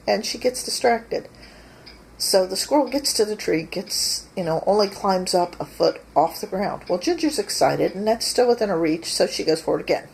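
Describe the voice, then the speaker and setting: A woman casually telling an amused, unhurried anecdote outdoors by her porch while she films herself. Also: medium pitch, animated, creaky, darkish tone, slightly rough, poor audio. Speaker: vlogger. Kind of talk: casual storytelling.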